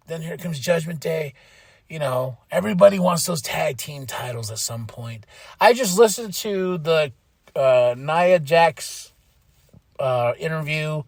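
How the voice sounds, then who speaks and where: A man hosting a podcast, giving a casual, rambling recap of a show with frequent laughs and excited bursts. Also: on the high side, dry recording, studio quality. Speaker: podcast host.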